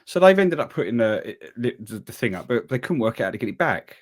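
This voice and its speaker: A man, co-hosting a podcast and telling a long story in casual chat, acting out what people said. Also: fairly quick. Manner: animated storyteller, acts out quotes with big pitch jumps. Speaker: podcast co-host.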